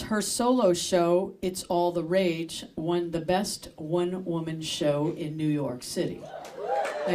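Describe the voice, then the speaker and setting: A woman's voice: fairly low pitch, a little mellow. A woman hosting a live comedy show in a store, introducing the comedian with joking, rambling asides. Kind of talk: casual stage introduction.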